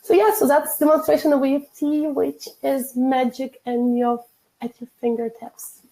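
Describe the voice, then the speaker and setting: Gravelly-voiced woman explaining tapping points. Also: sits high, level tone, moderate pace, warm tone, poor audio. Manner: instructive, walks through tapping points step by step. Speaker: EFT tapping practitioner. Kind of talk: guest demonstrating a technique.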